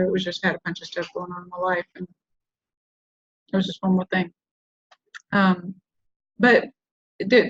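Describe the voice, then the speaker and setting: Woman host chatting on a lo-fi recording. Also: medium pitch. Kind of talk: casual talk show chat.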